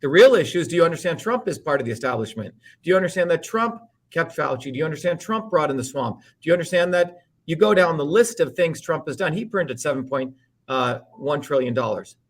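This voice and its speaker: A man's voice: on the high side, animated, fairly quick. A man guest in a heated political interview, ranting emphatically with profanity and repeated rhetorical questions.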